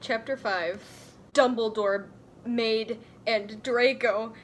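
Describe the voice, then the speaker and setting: A woman reading a fan story aloud for comedy, giggling and yelling the quoted lines. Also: on the high side, steady tone, slow pace, slight background noise. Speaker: comedy reader.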